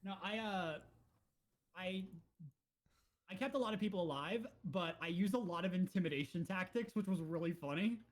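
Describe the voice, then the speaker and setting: Guy with a pretty high voice on a gaming podcast, tells stories fast and does the characters' lines, super casual. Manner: animated storyteller, acts out game characters' lines. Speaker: podcast co-host.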